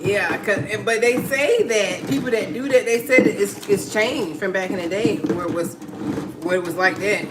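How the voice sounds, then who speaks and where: A woman's voice: medium pitch, normal speed. Chatty woman on a livestream. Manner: chatty, laughs often, reads viewer comments aloud. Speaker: livestream host. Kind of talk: casual livestream chat. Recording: clicking noise in background.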